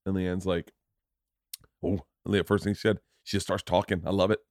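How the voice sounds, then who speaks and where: Host, middle-aged man, gravelly mid-pitch voice, dry close sound, rambling storyteller. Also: brisk, dry recording. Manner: animated storyteller, swears often, acts out quotes. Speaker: podcast host. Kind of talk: casual chat.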